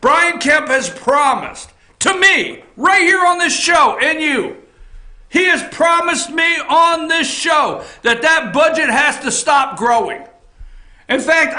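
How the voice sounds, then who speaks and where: A man hosting a political opinion show from an office, ranting bluntly with swearing, repetition and frequent shouting. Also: very high voice, echoey room. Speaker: talk show host.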